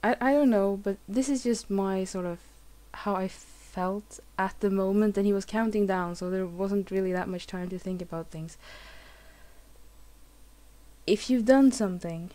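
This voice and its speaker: A woman's voice: mid-range voice, unhurried, dark tone. A woman hosting a let's play, giving emotional game commentary with swearing and lots of restarts.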